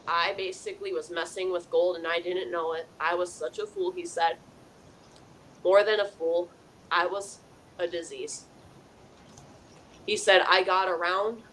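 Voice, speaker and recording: A woman's voice: lowish voice, a bit bright, slight background noise, rough recording. A woman hosting a live call-in psychic show, earnestly passing on messages from the dead in first person, with a chatty "you know" style. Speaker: psychic medium host.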